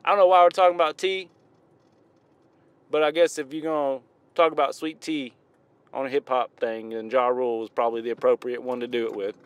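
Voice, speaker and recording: A man's voice: medium pitch, steady tone, brisk, clear, resonant tone, dry recording. A man with a Southern US accent, rambling casually and correcting himself as he reviews hip-hop outdoors. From American South. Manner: rambling, self-correcting, drawling southern talk.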